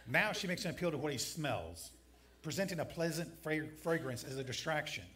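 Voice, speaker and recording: A man's voice: fairly high pitch, animated, brisk, a bit bright. A man pastor giving a conversational sermon in a church, mixing scripture with dry jokes. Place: church sanctuary.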